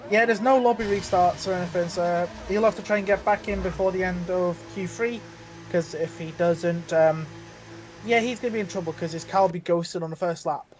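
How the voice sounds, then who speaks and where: A man's voice: high voice, fairly quick. A man co-commentating an online racing league, chatting and predicting lap times with frequent restarts. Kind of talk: casual race analysis and banter.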